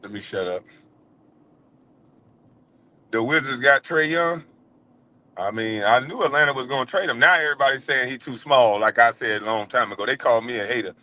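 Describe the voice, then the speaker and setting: A man's voice: mid-range voice, fast, bright, forceful tone. A middle-aged man, talking loosely and playfully to his viewers in a casual vlog. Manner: loose, playful, talks to viewers, swears freely. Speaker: vlogger.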